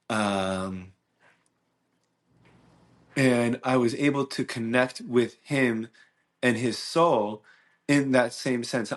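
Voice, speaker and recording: Man, solo podcast host, earnest, reflective, halting restarts, mid-pitched voice, close mic. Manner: earnest, searching, many restarts and fillers. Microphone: mic and camera.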